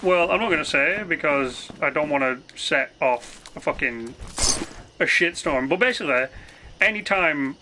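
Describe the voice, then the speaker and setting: A man rants casually on a live game stream in a slightly high, bright voice. He swears freely and keeps restarting his sentences as he rambles. A faint noise sits behind him. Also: expressive, normal speed. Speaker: gaming streamer.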